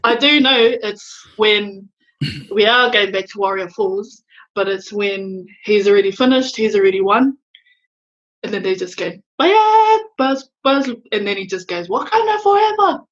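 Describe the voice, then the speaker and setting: A woman's voice: mid-range voice, normal speed, fairly bright tone. Giggly New woman on a dull line. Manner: giggly, enthusiastic. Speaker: guest, host's sister. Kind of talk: casual chat with family.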